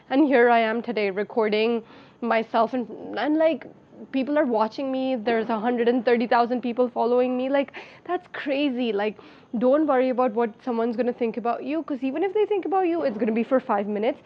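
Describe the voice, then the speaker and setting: A woman's voice: fairly high pitch, brisk, dull audio. A woman in her twenties giving frank, chatty life advice to camera in a big-sister tone. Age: 20s. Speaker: lifestyle vlogger. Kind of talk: casual advice talk to camera.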